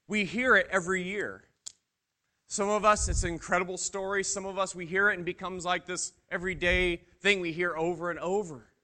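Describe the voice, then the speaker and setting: A man's voice: sits high, sharp tone. A male pastor preaching a sermon to his congregation, swelling with emphasis on key phrases.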